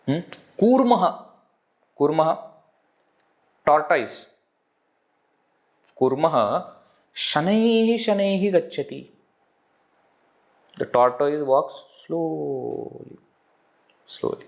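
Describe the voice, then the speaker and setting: A man's voice: fairly high pitch, big pitch swings, takes it slowly, gravelly, pauses often. A man with an Indian English accent teaching a Sanskrit lesson, saying each word, repeating it, then glossing it in English, with frequent chuckles. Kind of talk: live online language lesson.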